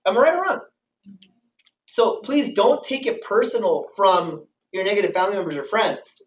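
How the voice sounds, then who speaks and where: A man giving an energetic motivational sales training talk to a live audience, often firing questions at the room. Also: high voice, normal speed. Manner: energetic, keeps quizzing the audience. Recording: roomy, distant, dull hall recording.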